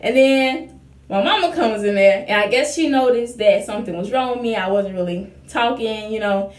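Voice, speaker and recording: Young woman, slightly high voice, casual storyteller who acts out dialogue, roomy echo. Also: normal speed, slight background noise. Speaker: vlogger.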